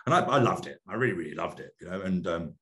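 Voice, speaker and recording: A middle-aged man, a podcast guest, telling a story in casual chat, animated, laughing often and repeating words. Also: deep voice, quick pace.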